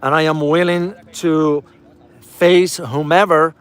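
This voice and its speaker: A man's voice: on the high side, steady tone, slow, clean tone. A man giving casual travel commentary to his viewers while riding through a city, addressing them as "guys" and repeating key phrases for emphasis. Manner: speaks directly to viewers as "guys".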